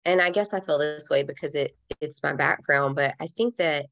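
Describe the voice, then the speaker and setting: A woman's voice: low-pitched, moderate pace, a bit bright. A woman in her thirties, a podcast guest, speaks earnestly and reflectively in a heartfelt conversational interview, with casual fillers.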